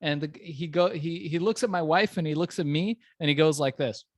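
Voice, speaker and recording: A male podcast host in casual, upbeat chat, telling lively stories and reading a sponsor message. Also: on the high side, fairly quick, dry recording, clean studio sound. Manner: upbeat, laughing, animated storyteller.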